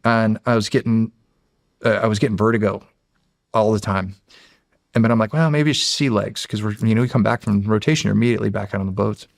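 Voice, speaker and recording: A man's voice: fairly low pitch, flat delivery, fast talker, gravelly, dry recording, clean studio sound. A man from Pennsylvania, a guest on an interview show, telling stories casually with rambling restarts and frequent swearing. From Erie, Pennsylvania. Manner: rambling, profane, restarts phrases, acts out quoted dialogue. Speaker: guest, former Navy SEAL.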